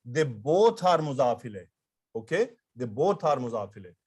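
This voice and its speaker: A man's voice: mid-range voice, big pitch swings, normal speed, darkish tone, slightly rough. A man teaching an Arabic grammar lesson, explaining step by step and repeating key terms, with frequent fillers and restarts. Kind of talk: online-style grammar lecture.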